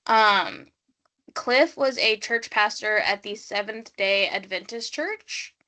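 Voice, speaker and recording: A woman's voice: mid-range voice, takes it slowly, bright, forceful tone. A woman hosting a casual true-crime podcast, leading the story and quizzing her co-host.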